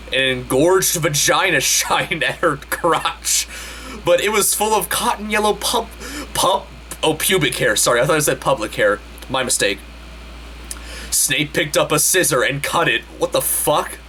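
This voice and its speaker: Slow, deadpan man doing a comedic reading. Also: medium pitch, slight background noise. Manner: deadpan, with exasperated asides. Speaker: host.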